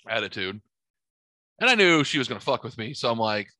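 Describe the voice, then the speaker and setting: A man's voice: mid-range voice, dry recording. A man casually telling a profane story on a podcast, acting out the people he quotes. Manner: profane, animated, quick to act out quotes.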